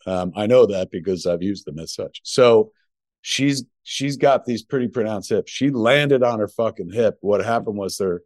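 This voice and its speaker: Low-voiced man telling a profane story. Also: normal speed, a little mellow, no echo, clean studio sound. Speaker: podcast co-host. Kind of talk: casual chat. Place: home.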